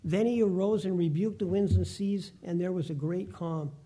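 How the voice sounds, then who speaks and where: A man preaching a Bible lesson, reading scripture aloud slowly and deliberately. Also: sits high, mellow, husky. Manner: reads verses slowly and deliberately, with restarts.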